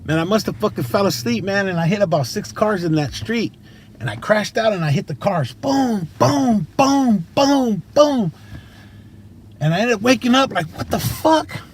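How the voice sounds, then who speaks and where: A man's voice: sits high, animated, fast. A man from California telling his own story in an unscripted, casual way, using slang, swearing and many fillers. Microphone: tablet camera mic. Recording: noisy street and traffic sound.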